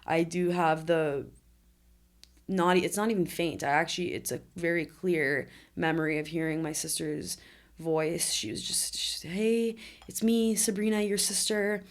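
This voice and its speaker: This podcast guest, a woman in her twenties, speaks with a low-pitched, steady tone at a moderate pace. She shares her story with candor and earnestness during a conversational interview.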